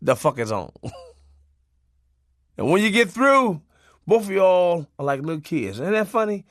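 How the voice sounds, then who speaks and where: A man's voice: on the high side, dry recording, clean studio sound. A man narrating a comic memoir in a loose, profane, conversational way, laughing as he goes. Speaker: audiobook narrator.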